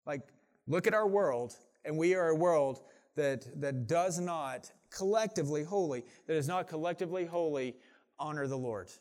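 A middle-aged pastor preaching a sermon in a conversational way, often saying "like" and restarting sentences. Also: male voice, on the high side, moderate pace, darkish tone.

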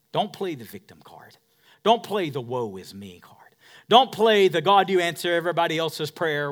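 A man preaching a sermon, swinging between shouted emphasis and hushed asides, using repetition and call-and-response. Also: a little high. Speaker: pastor.

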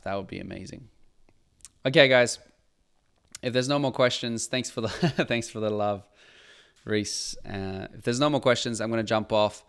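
A middle-aged photographer hosting a casual live Q&A, reading out viewer comments in a chatty, earnest way with frequent restarts. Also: male voice, on the low side, moderate pace, long pauses, a bit bright, smooth. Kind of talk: casual livestream chat.

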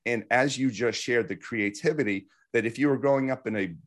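A man's voice: medium pitch, brisk. A man hosting a podcast interview, talking with enthusiasm and affirming his guest, with lots of fillers. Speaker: podcast host. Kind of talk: casual interview talk.

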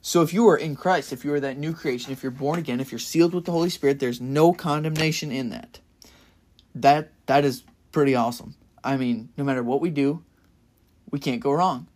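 A man's voice: on the high side, a little fast. Earnest young man preaching casually. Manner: earnest and enthusiastic, rising to loud bursts of excitement. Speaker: podcast preacher. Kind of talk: casual Bible-study sermon.

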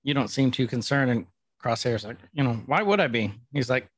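A man's voice: medium pitch, animated, a little fast, a bit bright, no room sound, clean studio sound. A man co-hosting a casual podcast, chatting and joking as he recaps an episode. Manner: playful, jokey, retells scenes. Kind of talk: casual chat.

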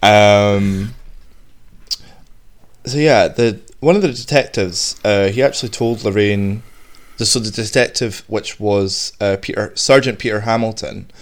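A male podcast host tells a story in easy, casual chat. His voice sits a little low, and he wanders through restarts and asides with animated energy. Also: a little slow.

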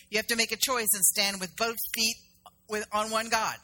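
A woman's voice: medium pitch, steady tone, moderate pace, pushed and bright. A middle-aged woman minister from South Carolina giving a sermon in a conversational storytelling manner, acting out the dialogue in her stories.

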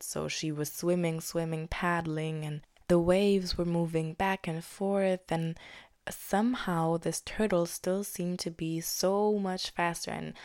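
A young woman hosting her own podcast, telling a story in a casual, chatty way, full of "like" and "basically," sometimes dropping to a soft whisper. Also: low-pitched, no room sound, clean studio sound. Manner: chatty, with many "like" and "basically" fillers. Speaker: podcast host. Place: living in Germany.

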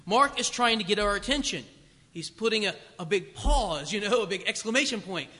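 A man preaching a sermon, telling the story in a conversational, animated way. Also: high-pitched, fairly quick, long reverb tail.

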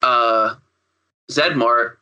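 A man's voice: mid-range voice, fairly even intonation, drawn-out words, bright, forceful tone, clear, resonant tone, highs cut off. A man co-hosting a podcast, recapping a film in casual chat, rambling, profane and full of fillers. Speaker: podcast co-host.

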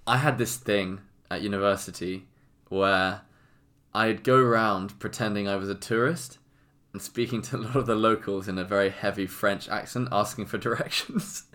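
A young Englishman co-hosts a podcast in casual comic chat, giggling and mocking himself. His voice is on the low side, steady and bright with a forceful tone, at normal speed.

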